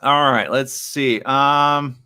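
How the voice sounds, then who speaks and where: A man hosting a live radio morning show, chatting casually in an animated, joking, rambling way from the studio. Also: medium pitch, takes it slowly, clear, resonant tone.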